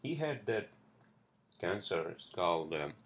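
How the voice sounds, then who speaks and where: A man's voice: deep voice, very animated, measured pace, breathy edge. A man hosting a casual solo podcast, rambling and swearing with lots of fillers, recorded at home on a cheap headset mic. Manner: rambling, profane, many fillers. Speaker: podcast host. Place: indoors at home, street traffic outside. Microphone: cheap headphones.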